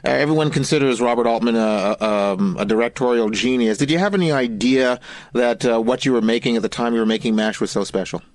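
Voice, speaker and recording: A male radio host asking halting questions and reading scripted introductions. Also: mid-range voice, no echo. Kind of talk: radio interview and show links.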